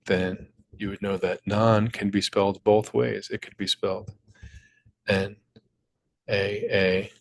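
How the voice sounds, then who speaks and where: A young man with a somewhat low voice talks through a puzzle walkthrough. He explains each step patiently and stops now and then to correct himself, like a teacher recording at his desk. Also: little pitch movement, moderate pace, vocal fry, few pauses, no room sound, low-quality recording. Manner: patient, explanatory, with small slips and restarts. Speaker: crossword puzzle maker and teacher. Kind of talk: screen-recorded tutorial walkthrough.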